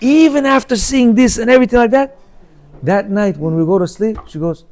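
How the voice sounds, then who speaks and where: A man giving a lively class, telling stories and checking in with his listeners, now and then bursting into loud emphatic outcries. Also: sits high, fairly quick. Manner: lively, asks the room "yeah?" and "you know?". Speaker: teacher giving a class on marriage. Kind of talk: animated storytelling class talk.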